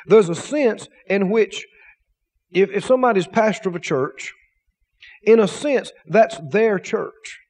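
A man's voice: sits high, unhurried, a little mellow, big-room sound. A man preaching a sermon as pastor, emphatic, with repetition and rhetorical questions.

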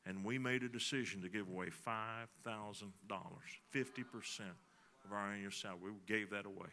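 A middle-aged pastor with a voice on the low side speaks fairly quickly as he preaches a sermon. He tells a folksy personal story that shifts between soft, confiding moments and emphatic ones.

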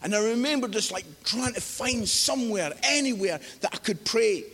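A man preaching a sermon, animated and exclamatory, acting out voices as he tells a story. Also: high voice, normal speed, slightly rough. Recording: long hall reverb.

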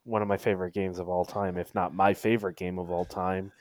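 A man chatting casually about video games. He is hesitant and trails off quietly at the ends of thoughts. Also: low-pitched, level tone, fairly quick. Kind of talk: casual chat.

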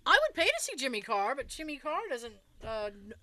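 A woman's voice: high voice, sing-song, fairly quick, bright, forceful tone, no echo. A woman co-hosting a podcast in casual chat, chatty and giggly, often trailing off mid-sentence. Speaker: podcast co-host.

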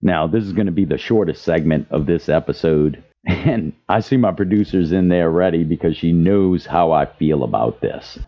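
The host of this advocacy podcast is a deep-voiced man from Louisiana who speaks at a moderate pace. Impassioned, he reads quotes aloud over a dull, lo-fi recording.

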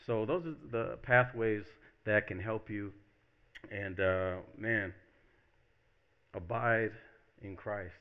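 A man in a pastor's role preaches in a loose, conversational way, slipping into quoted voices as he goes. His voice sits fairly low. The recording sounds a little dull and lo-fi. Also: fairly even intonation, slow pace, long pauses, smooth. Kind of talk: casual sermon.

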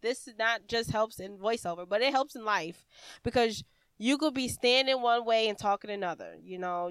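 An American woman hosts a podcast and rambles through voiceover tips in a chatty, casual way, restarting her sentences often. Her voice is smooth and clear at a middle pitch. The recording is dry, with no room echo. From United States. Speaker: podcast host. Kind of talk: casual instructional podcast talk.

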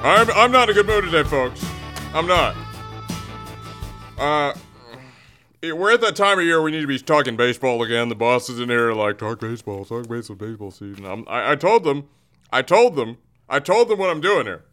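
Excitable male sports host, bright and lively, mock-furious rant full of stammered restarts. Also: fairly high pitch, normal speed, long pauses, soft background music.

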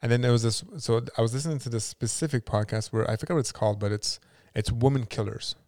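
A man's voice: medium pitch, fast talker, a little mellow, no room sound, studio quality. A man co-hosting a podcast, telling a long story in casual chat with many fillers and restarts. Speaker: podcast co-host.

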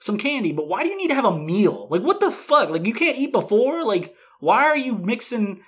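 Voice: mid-range voice, brisk, slightly rough. A podcast co-host ranting in casual chat, cursing and laughing at movie habits. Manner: animated, swearing rants with exaggerated quotes.

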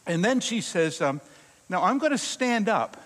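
A man speaking at a chapel service, telling a long personal story in an animated way and acting out scenes and quotes. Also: sits high, unhurried. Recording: echoey hall, long reverb.

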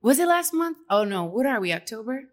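A young woman guest in a casual interview, chatty and upbeat, laughing often and filling pauses with "um" and "like". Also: on the high side, big pitch swings. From Dominican heritage. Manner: chatty, laughs often, many fillers and restarts.

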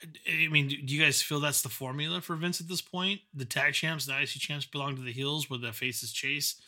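A man's voice: on the high side, fairly even intonation, a little fast, sharp tone. A man co-hosting a casual podcast chat, often restarting his sentences as he thinks. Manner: hesitant, repeats words while thinking. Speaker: podcast co-host.

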